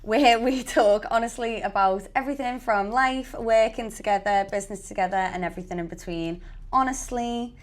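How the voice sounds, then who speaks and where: Casting note: young woman, podcast host, chatty and questioning, slightly high voice. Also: normal speed. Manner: chatty, asks questions, leads the talk. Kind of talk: casual chat podcast.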